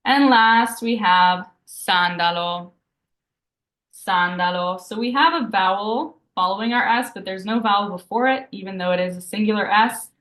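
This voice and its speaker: A woman teaching a live beginner Italian lesson, patiently explaining each rule and slowly repeating example words. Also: mid-range voice, a bit bright. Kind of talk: live online language lesson. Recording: roomy echo.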